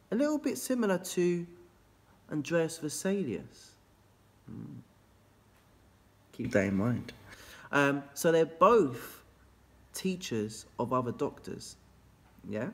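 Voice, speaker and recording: A man teaching history in an energetic, jokey revision video from a classroom, swooping up in pitch and talking straight to his students. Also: slow pace, long pauses. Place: classroom, filmed after school. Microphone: camera facing out toward board.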